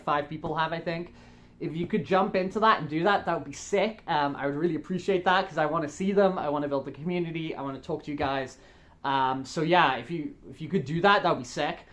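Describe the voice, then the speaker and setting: A furry vlogger chatting casually to camera, rambling with lots of fillers and restarts, upbeat and enthusiastic as they address viewers directly. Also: medium pitch.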